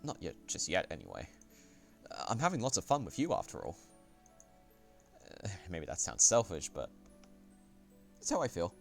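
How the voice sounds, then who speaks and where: Man streamer, very deep voice, reading a visual novel aloud, soft-spoken and unhurried, faint music underneath. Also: huge pitch swings, gravelly.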